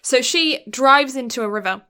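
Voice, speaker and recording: A woman's voice: high-pitched, normal speed, pushed and bright, clear, resonant tone. A woman podcast co-host, retelling a film's plot in casual chat and acting out the characters' lines.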